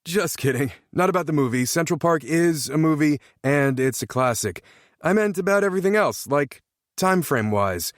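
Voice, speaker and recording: A man doing a loud goofy teenage boy. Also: normal speed, no room sound, studio quality, lightly acted. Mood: excited. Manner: yelling, excitable, high-pitched.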